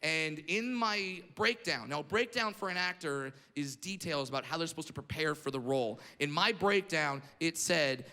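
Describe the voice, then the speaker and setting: A man's voice: a little high, normal speed, few pauses, pushed and bright. A male stand-up comedian doing a brash, profane, ranting set on a club stage with an audience. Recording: reverberant live club with crowd noise.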